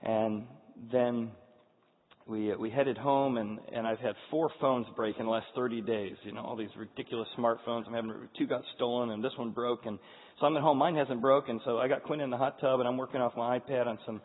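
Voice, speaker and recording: A husky-voiced man in his forties tells an earnest personal story to an audience, often restarting his sentences. The sound is thin and phone-like. It rings with the long reverb of a big hall. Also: medium pitch, steady tone, a little fast. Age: 40s. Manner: earnest and candid, with frequent restarts. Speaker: speaker addressing an audience. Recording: tinny, echoey hall sound.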